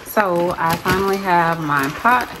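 A woman's voice: fairly low pitch, a little slow. A young woman with a Southern US accent, chatting casually to the camera as she cooks in her home kitchen. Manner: chatty, talks to camera while cooking. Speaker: home cook, vlogger. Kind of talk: casual cooking chat. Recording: background noise in a home kitchen.

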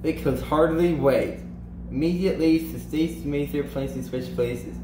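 Male storybook reader, animated delivery with slowed emphasis, voice on the higher side, echoey room with faint hiss. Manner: animated, slows and lifts pitch for emphasis and character lines. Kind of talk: children's storybook read-aloud.

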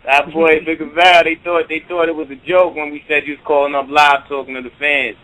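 Brief: man, bright voice, energetic call-in host, quick repeats. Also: on the high side, rough recording. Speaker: radio host. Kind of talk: hyped call-in radio hosting.

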